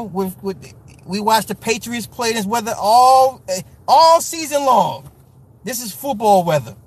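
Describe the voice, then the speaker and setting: A man from the US Midwest hosting a casual livestream, talking to chat with profane, joking, animated rants. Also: high voice. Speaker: livestream host reading chat.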